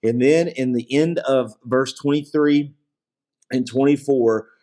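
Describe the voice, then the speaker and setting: A man teaching through a Bible chapter verse by verse in a relaxed, conversational way, with many fillers and check-ins, and his voice drops low on solemn lines. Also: a little slow.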